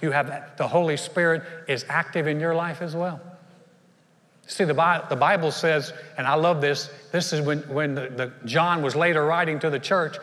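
A man preaching a sermon as pastor, emphatic, moving between loud bursts and hushed lines. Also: a little high, steady tone, normal speed. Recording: long hall reverb.

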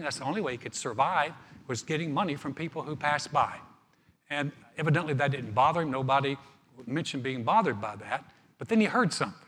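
A man pastor preaching a sermon, telling the story in an animated way and often repeating his words. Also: on the high side, big-room sound, slight background noise.

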